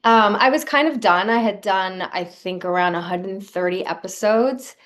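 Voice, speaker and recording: A woman's voice: mid-range voice, moderate pace, fairly bright tone. A middle-aged woman speaking as an interview guest, candid and emotional. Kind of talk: casual interview chat.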